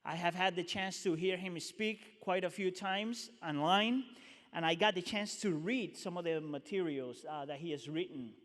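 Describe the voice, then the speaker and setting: A man's voice: sits high, moderate pace, fairly bright tone. A man, a teaching pastor, casually introducing a guest speaker to the congregation with frequent fillers. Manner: casual, friendly, many fillers. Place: church sanctuary. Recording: reverberant church hall.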